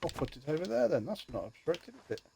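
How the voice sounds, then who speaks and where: A man's voice: fairly high pitch, very animated, fast talker, vocal fry, mellow, a little hiss or hum. A man chatting casually and joking with friends while streaming a video game, muttering to himself as he plays. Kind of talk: casual gaming livestream chat.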